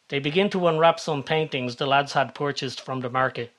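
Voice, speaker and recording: A man reads a comedic story aloud at a steady, even pace. His voice sits at an ordinary mid pitch, and he keeps his delivery level and unhurried. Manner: steady, even-toned reading. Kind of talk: scripted story narration.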